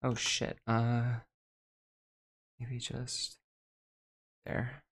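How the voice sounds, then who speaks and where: A man's voice: mid-range voice, extremely slow, husky. A man streaming as a VTuber, chatting casually with his viewers while he works, swearing now and then. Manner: relaxed, swears casually, talks to chat. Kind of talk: casual livestream chat while working on an avatar.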